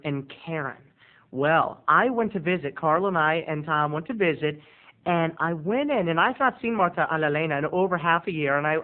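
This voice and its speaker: Chatty man telling a story over tinny sound. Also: on the high side. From Maryland, USA. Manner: chatty, rambling, with playful dramatic swings. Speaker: video blogger. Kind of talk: casual storytelling vlog.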